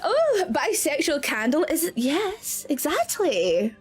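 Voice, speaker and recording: A woman VTuber streamer chatting casually with viewers, bubbly and excitable, laughing often. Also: high voice, slow, soft background music. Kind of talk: casual live-stream chat.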